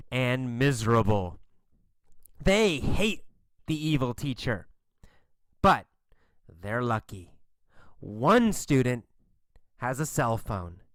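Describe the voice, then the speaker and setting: Slow, expressive male storyteller. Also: fairly high pitch, no echo, poor audio. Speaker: storyteller for English learners. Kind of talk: slow, clear story reading.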